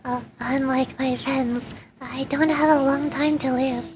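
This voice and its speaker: A woman voicing a gentle dying mother saying goodbye to her child, soft and slow. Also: sits high, fairly even intonation, noisy background. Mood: tender.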